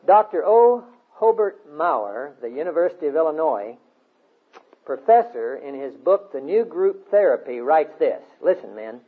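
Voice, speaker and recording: Male preacher, earnest exhorting sermon, husky voice, phone-line audio. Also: on the high side, sing-song, moderate pace. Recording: tinny phone-like sound.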